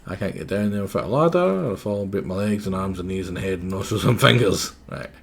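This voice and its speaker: A man streams a game with a joking, self-deprecating manner and a sore throat. His voice is husky and swings widely in pitch as he comments. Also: expressive, quick pace. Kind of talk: casual gameplay commentary.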